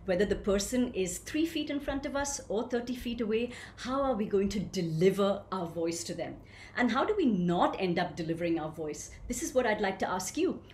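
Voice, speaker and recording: A woman leading an online voice workshop, telling stage stories and reading out participants' comments in an animated, engaging way. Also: medium pitch. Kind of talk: interactive webinar talk. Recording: echoey room with faint ambient noise.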